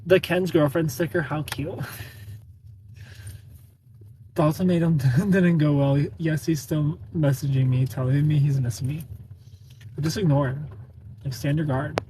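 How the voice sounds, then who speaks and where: A man's voice: fairly high pitch, steady tone, moderate pace, warm tone, slight background noise. Playful, laughing male live streamer. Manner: greets viewers by name, laughs often, playful. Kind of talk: casual live-stream chat.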